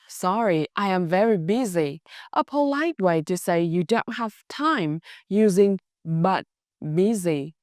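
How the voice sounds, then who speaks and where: Female language tutor, Northern Vietnamese accent, lowish smooth voice, dry close recording. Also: darkish tone, dry recording. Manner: slow, careful enunciation with small English slips. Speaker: Vietnamese teacher. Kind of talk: language lesson narration.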